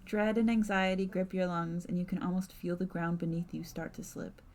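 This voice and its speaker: A woman streamer reading a spooky game's narration aloud in a measured, softly dramatic way. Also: lowish voice, fairly even intonation, a little hiss or hum.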